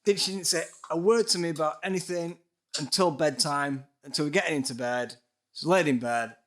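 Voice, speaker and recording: A man's voice: a little high, brisk. A man, a guest telling a story in a casual chat. He swears freely, sounds dryly skeptical and acts out the voices of people in his stories. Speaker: podcast guest, musician.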